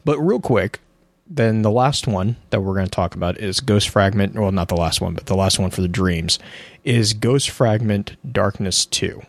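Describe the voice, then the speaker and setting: A man co-hosting a casual podcast, talking in a halting way with repeated words and easy laughs. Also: lowish voice, no room sound. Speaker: podcast co-host. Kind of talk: casual chat and reading aloud.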